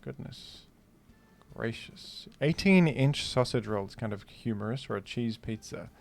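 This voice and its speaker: A man's voice: mid-range voice, animated, moderate pace, vocal fry, darkish tone. A man hosting a gaming video, giving casual, rambling commentary with a joking, incredulous manner. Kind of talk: casual commentary while playing.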